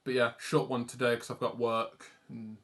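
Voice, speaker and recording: A man's voice: medium pitch, flat delivery, moderate pace, a bit bright. Rambling young Englishman chatting while drawing. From England. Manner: rambling, self-deprecating, casually swearing. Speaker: art streamer. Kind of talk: casual livestream chat while drawing.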